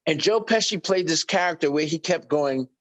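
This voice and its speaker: A middle-aged man, a guest on an interview podcast telling animated stories and acting out quoted voices. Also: fairly high pitch, moderate pace. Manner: lively anecdotes, acts out quoted voices. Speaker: guest musician.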